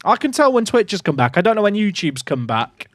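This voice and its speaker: A young man streaming a football management game, commentating casually with sarcastic, excitable swings. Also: high-pitched, a little fast. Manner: animated, sarcastic, swings between excitement and mock despair. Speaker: gaming streamer.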